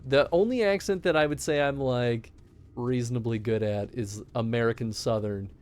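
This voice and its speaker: A man's voice: mid-range voice, normal speed, darkish tone, faint music behind. A man streaming a game, chatting casually and animatedly, laughing often. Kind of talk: casual gameplay chat.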